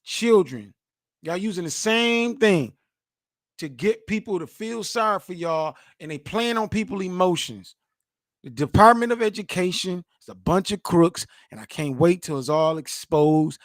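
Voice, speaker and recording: A man in his forties reacting to news clips as host, animated, emphatic and mocking, full of slang. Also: sits high, a little slow, dry recording, studio quality.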